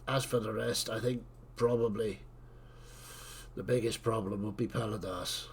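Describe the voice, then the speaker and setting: A man's voice: fairly low pitch, steady tone, normal speed, slight background noise. A man narrating a tabletop game as game master in an easygoing way.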